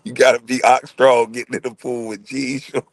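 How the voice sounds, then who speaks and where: Laughing frequently, this middle-aged man spins funny, foul-mouthed stories while responding to chat, animated and casual throughout. His mid-range voice has vocal fry and moves at normal speed, and there is slight background noise.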